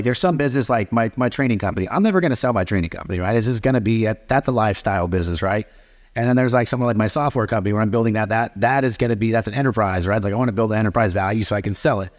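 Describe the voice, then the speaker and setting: Fast-talking profane man in his thirties. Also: lowish voice. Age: 30s. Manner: rapid, profane, animated storytelling. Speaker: podcast host. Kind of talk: casual podcast conversation.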